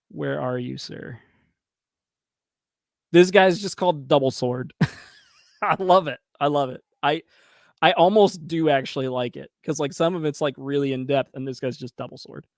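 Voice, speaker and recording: A man in his thirties hosting a casual review show, chatty and quick to laugh, talking straight to his viewers. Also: a little high, no echo, clean studio sound. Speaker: host reviewing crowdfunding pages. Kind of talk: casual commentary.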